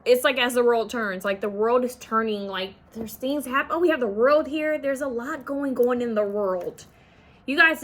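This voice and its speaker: A woman's voice: on the high side, fairly bright tone. A woman giving a casual pick-a-card tarot reading, rambling and full of fillers, often trailing off mid-thought. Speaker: tarot reader.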